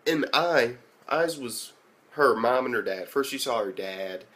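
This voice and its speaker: A man's voice: medium pitch, lively intonation, a little slow, sharp tone. A man giving a casual spoken anime episode review, rambling and swearing heavily with lots of "like" fillers.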